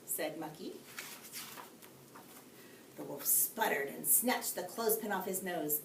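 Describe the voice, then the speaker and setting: A woman teacher reading a bedtime story aloud, expressive, with friendly asides to young listeners. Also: medium pitch, normal speed. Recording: echoey room, distant mic, faint hiss.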